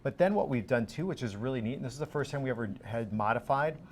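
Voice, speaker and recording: A man appearing as a watch brand expert on a live shopping show, speaking in a relaxed, talkative way with fillers. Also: medium pitch, quick pace, slight background noise. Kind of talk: product explanation on live shopping TV. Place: television studio.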